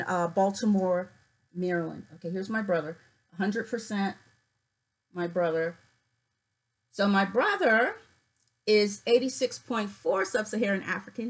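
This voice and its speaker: A woman vlogging casually, reading figures off her screen with many fillers and pauses, her voice cutting in and out. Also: mid-range voice, rough recording. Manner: reads figures aloud haltingly with many fillers. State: voice cuts in and out.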